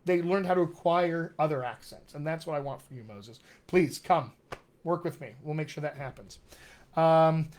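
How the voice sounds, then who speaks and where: Upbeat man, slightly high voice. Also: normal speed, darkish tone. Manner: upbeat and encouraging, reads out viewer comments. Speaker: dialect coach hosting a live Q&A. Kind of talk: casual live-stream chat.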